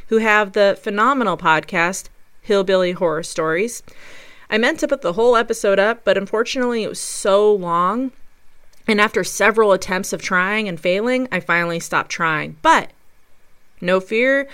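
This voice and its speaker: A woman's voice: medium pitch, smooth. A woman telling a personal story on her podcast, in a conversational way that acts out the dialogue. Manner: conversational, lively retelling with quoted dialogue.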